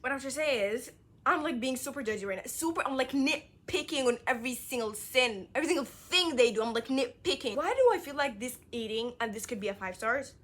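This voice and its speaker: A woman whose first language is Arabic, chatting casually in a reading vlog, excitable and full of fillers. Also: high-pitched, fairly quick. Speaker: book vlogger.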